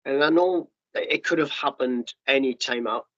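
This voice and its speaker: A middle-aged man telling his story as a podcast guest, blunt and sweary, with quick restarts and acted-out quotes. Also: mid-range voice, a bit bright. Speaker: podcast guest, former paratrooper. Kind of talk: candid storytelling interview. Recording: muffled lo-fi podcast audio.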